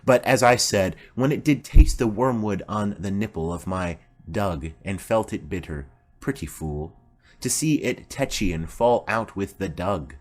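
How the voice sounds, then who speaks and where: A man's voice: fairly low pitch, expressive, a little slow, soft background music. A man voicing a rambling old nurse. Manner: rambling, garrulous. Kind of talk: audiobook play reading.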